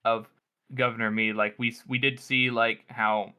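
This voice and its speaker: A man co-hosting a podcast, talking enthusiastically and haltingly about a book. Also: mid-range voice, flat delivery, pushed and bright, clean tone. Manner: enthusiastic, halting, many fillers. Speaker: podcast co-host. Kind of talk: casual book discussion.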